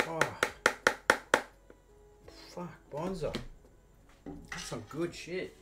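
A man doing a rowdy Australian coworker with a broad accent who swears freely and drawls out his praise. The voice sits high and loud against his usual tone, with loud music playing behind it. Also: drawn-out words. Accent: broad Australian (put on). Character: loud male Aussie coworker, crude and jovial.

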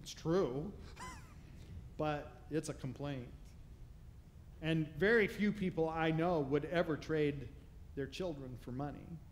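A man's voice: on the high side, huge pitch swings, slow pace, long pauses, a little hiss or hum. A male pastor preaching a sermon in a church, conversational and humorous, with rhetorical questions. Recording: long reverb of a large hall.

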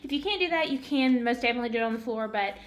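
Speaking very fast and animatedly in a slightly high voice, a craft vlogger rambles through a casual at-home tutorial on a wall hanging. "Y'all" and "literally" come up constantly.

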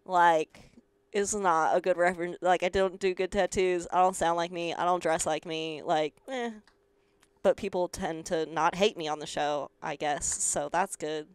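A young woman from rural Colorado with a country twang, telling stories as an interview guest in an animated, sarcastic way, swearing freely and acting out the people she quotes. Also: fairly low pitch, moderate pace, clear, resonant tone, no room sound. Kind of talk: casual interview storytelling.

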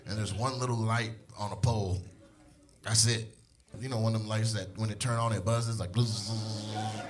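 A man in his thirties performing stand-up on stage, telling a story in an animated way that swings from hushed to shouting. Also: on the low side, brisk. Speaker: stand-up comedian. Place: comedy stage before a live audience.

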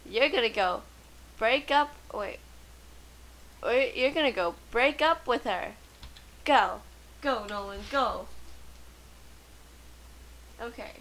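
A woman giving chatty, excitable commentary while playing a life-simulation game. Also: on the high side, takes it slowly, long pauses, poor audio. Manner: chatty, excitable, gasps and laughs often. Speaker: let's play gamer. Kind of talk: casual gameplay commentary.

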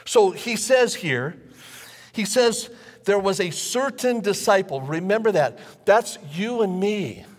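A pastor preaching a sermon to a live congregation in a church, talking conversationally and repeating phrases for emphasis. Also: male voice, sits high, lively intonation, slow pace. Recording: long church reverb.

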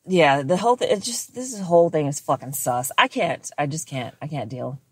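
A woman co-hosting a podcast in casual chat, blunt and profane, talking with animated disbelief. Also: deep voice, normal speed, slightly rough, no echo. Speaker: podcast co-host.

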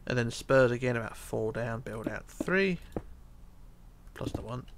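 Over background noise, a tired man narrates a building game tutorial in a medium-pitched voice, a little slowly. He's relaxed and yawning, counting blocks quietly under his breath and occasionally nearly whispering.

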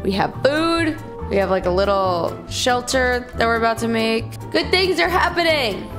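A young woman streaming a game in casual chatter, excitable, gasping and cursing at what happens on screen. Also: fairly high pitch, normal speed. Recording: music playing behind her.

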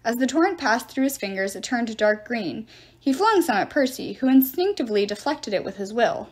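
A woman reading a novel chapter aloud with expressive storytelling. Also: on the high side, moderate pace. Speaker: reader.

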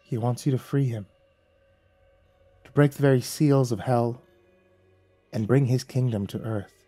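A man voicing a gentle, sorrowful angel. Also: medium pitch, breathy edge, faint music behind. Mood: solemn, gentle. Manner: soft, solemn, slow and pleading. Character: gentle male angel messenger, sorrowful and patient.

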